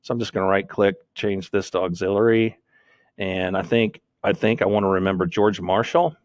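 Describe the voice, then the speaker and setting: A man's voice: deep voice, fairly even intonation, normal speed, no echo. A man giving a screen-recorded lesson on making notes, thinking aloud and correcting himself as he types. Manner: thinks aloud, self-corrects while typing. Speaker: teacher.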